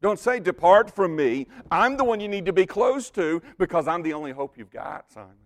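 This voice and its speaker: A preacher voicing an urgent, commanding Jesus. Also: male voice, on the high side, a little slow, pitched above the performer's own voice, close to an everyday voice. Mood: pleading. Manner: urgent, insistent pleading. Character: Jesus, grown man, earnest and commanding. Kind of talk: sermon.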